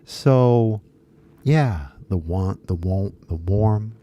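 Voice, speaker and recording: A man's voice: fairly low pitch, lively intonation, very slow, dark tone, dull audio. A man with an American accent giving a casual, rambling English pronunciation lesson, repeating key words for emphasis. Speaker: English teacher.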